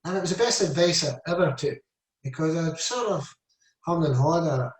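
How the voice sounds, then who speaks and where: Brief: Scottish man in his 70s, fairly high voice, rambling yarn-spinner, recorded in an echoey room. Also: fairly quick. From Scotland. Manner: rambling anecdotes, lots of "I said" and "you know". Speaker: interview guest, former footballer. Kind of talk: casual storytelling. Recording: echoey room, mic at a distance.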